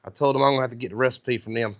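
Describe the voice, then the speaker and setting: A man's voice: medium pitch, steady tone, rapid-fire, very noisy. A man with a thick North Carolina accent and a sore throat, chatting casually on a live stream while he works in his workshop and answers viewers' comments. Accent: thick North Carolina Southern.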